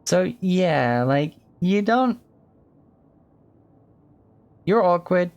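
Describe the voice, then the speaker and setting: A man narrating as game master of a tabletop role-play stream, relaxed and rambling. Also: high voice, very slow, muffled recording. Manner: relaxed, rambling with many fillers. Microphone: home mic on a live stream.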